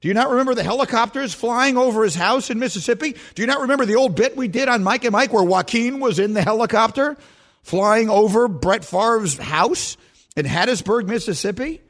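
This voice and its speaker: A man on sports radio delivering a fired-up opinion segment. His voice sits high and swings widely in pitch as he hammers home point after point with rhetorical questions. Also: fairly quick. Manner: emphatic, rhetorical questions, animated.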